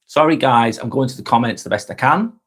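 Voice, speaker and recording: A middle-aged man from England hosts a live vlog, chatting casually with viewers, rambling, repeating himself and swearing freely. His voice is mid-range, brisk, fairly bright and slightly rough.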